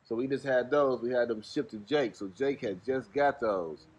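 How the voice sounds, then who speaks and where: A man from Ohio tells a long anecdote in a loose, unhurried way. His voice sits at an everyday middle pitch, and his talk is easygoing and full of slang. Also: husky, dull audio. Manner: laid-back, slangy, rambling anecdote with laughs. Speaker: guest, music manager. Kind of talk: casual podcast storytelling.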